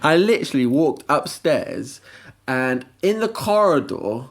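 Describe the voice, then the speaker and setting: A young man, co-hosting a podcast and telling a story in casual chat, animated and often laughing as he goes. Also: fairly high pitch, unhurried. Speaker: podcast co-host.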